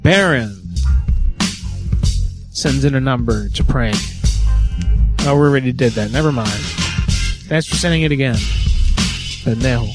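A man hosting a live prank call show, brash and mocking, with loud outbursts and swearing. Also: mid-range voice, normal speed, pauses often, over loud music.

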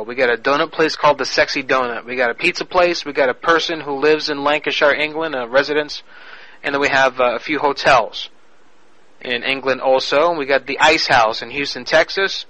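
Brash, bright-voiced radio prank host. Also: male voice, mid-range voice, a little fast, dry recording, rough recording. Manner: loud, crude, laughing banter. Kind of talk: casual radio banter.

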